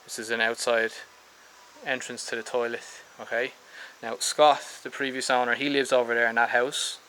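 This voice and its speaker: An Irish man gives a casual property tour of a house for sale on a tropical island, walking in and around it and rambling with ums and restarts. He talks at normal speed in a level, medium-pitched voice that is pushed and bright; the audio is poor, with slight background noise.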